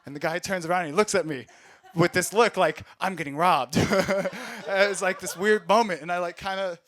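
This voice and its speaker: Bright-voiced, profane storytelling comedian. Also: male voice, high-pitched, normal speed. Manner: rambling, profane, laughs at his own stories. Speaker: stand-up comedian and Army veteran. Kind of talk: casual storytelling comedy set. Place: small recording studio space.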